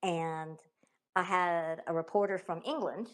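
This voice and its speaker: Southern woman guest, low voice, emphatic storyteller who restarts and repeats herself. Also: fairly even intonation, unhurried. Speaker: guest, author. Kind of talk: conversational interview storytelling.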